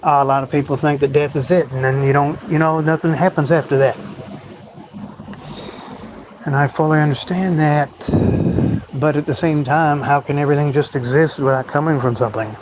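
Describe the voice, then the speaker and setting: A man's voice: on the high side, fairly even intonation, normal speed, slight background noise, poor audio. A man hosting a solo livestream, rambling in a brooding, bitter way about life. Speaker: livestream host.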